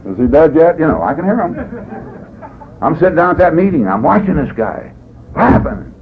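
An older man telling his story at a meeting, folksy and jokey, his pitch swooping up and down as he acts out the scenes. The sound is dull and lo-fi, with a faint hiss under it. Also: big pitch swings, moderate pace, vocal fry. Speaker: recovery meeting speaker.

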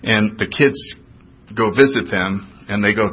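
Older man, husky, recovery talk, acts out voices, dull lo-fi recording. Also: on the low side, measured pace. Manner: animated storytelling, acts out voices. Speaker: recovery speaker.

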